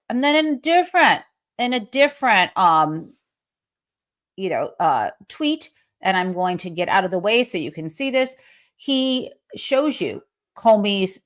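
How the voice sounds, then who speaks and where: A woman hosting a live commentary show, talking casually and snarkily and swearing freely. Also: medium pitch. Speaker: host.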